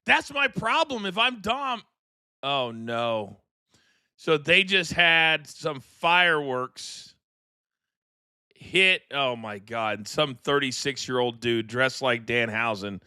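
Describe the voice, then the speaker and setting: A middle-aged man hosting a live wrestling watchalong, ranting in animated, incredulous commentary from a studio mic. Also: mid-range voice, takes it slowly, clear, resonant tone, no echo. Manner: animated, incredulous, rambling rants. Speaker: host.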